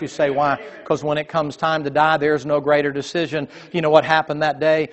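A man preaching a sermon, telling folksy stories and building to emphatic, loud passages. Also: a little high.

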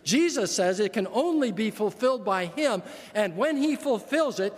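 Earnest older male pastor, high voice. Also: animated, moderate pace. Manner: earnest, emphatic repetitions. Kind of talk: sermon. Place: church sanctuary. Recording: long church reverb.

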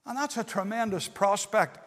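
A man's voice: sits high, normal speed, a bit bright. A man preaching an earnest, pleading evangelistic sermon in a meeting hall, dwelling on key words. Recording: long hall reverb.

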